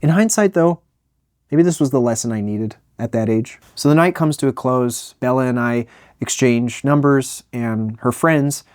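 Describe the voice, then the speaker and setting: A young man narrating a comedic storytime with animated, self-mocking delivery and quick jokey asides. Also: mid-range voice, dry recording, clean studio sound.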